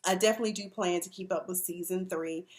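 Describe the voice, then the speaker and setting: A woman in her forties, emotional, recapping a TV episode in a chatty, expressive way with slang. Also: on the low side, fast talker. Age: 40s. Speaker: TV review vlogger.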